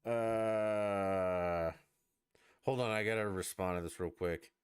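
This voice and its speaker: A man's voice: on the low side, fairly even intonation, slow pace, smooth, no room sound, studio quality. A man hosting a live-streamed podcast, ranting in a profane, sarcastic and exasperated way. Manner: scoffing, exasperated. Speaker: podcast host.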